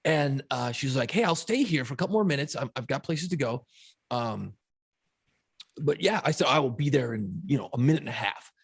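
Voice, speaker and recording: A middle-aged man, co-host of a podcast, telling a story in a profane, animated, casual way. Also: mid-range voice, a little fast, vocal fry, breathy edge.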